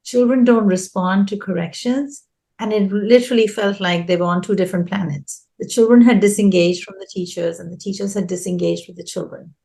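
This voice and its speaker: A woman's voice: medium pitch, steady tone, a little fast, creaky, warm tone. Female education consultant, earnest interview guest who stresses points by repeating them. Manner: earnest, repeats key phrases for emphasis. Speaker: early childhood education consultant.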